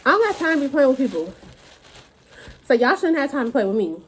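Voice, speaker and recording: Animated young woman ranting, slightly high. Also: brisk, long pauses, slightly rough. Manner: animated, profane, dramatic retellings. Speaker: vlogger. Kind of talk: casual storytime rant.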